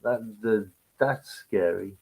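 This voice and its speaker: A man's voice: fairly low pitch, takes it slowly, creaky, dark tone, slightly rough, low-quality recording. A man hosting a live stream, ranting in a crude, mocking, rambling way. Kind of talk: casual live-stream rant.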